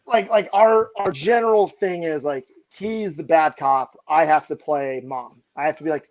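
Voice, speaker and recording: A man's voice: fairly high pitch, normal speed, hardly any pauses, lo-fi sound. Chatty man telling a coaching story. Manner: animated anecdotes, heavy use of "like". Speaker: baseball pitching coach. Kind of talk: casual podcast storytelling.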